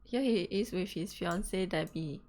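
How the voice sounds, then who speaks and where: A woman's voice: fairly low pitch, normal speed, darkish tone. A young woman hosting a casual live stream, flustered and laughing through technical trouble. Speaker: stream host.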